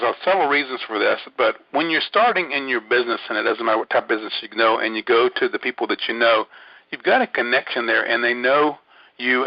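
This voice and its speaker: A man's voice: mid-range voice, dry recording. A man hosting an online training webinar, talking casually and rambling with many fillers and restarts. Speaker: webinar host. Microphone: phone line. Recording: dull lo-fi dry audio.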